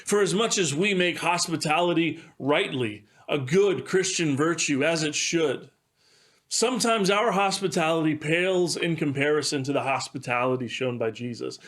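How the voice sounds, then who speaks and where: A pastor telling a devotional story in a measured way, with occasional fillers. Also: male voice, fairly high pitch, fairly bright tone.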